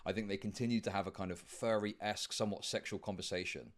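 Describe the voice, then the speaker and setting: A man in a played debate clip, making his case in a measured, hesitant way with restarts. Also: fairly low pitch, steady tone. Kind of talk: debate discussion.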